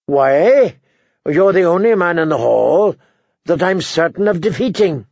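A sharp-tongued dwarf lord delivers slow, cutting barbs, read by a man in a near-natural voice. His wit sounds dry and deliberate. The sound is dull and dry. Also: a little high, animated, vocal fry, no echo, voice pushed up, exaggerated voice. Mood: mocking.

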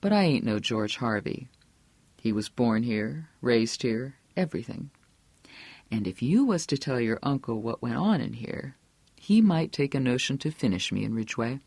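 Man reading a drawling, threatening small-town political bully, low and slow, dry close sound. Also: lively intonation, a little mellow, dry recording. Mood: quiet menace. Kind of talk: audiobook character voice.

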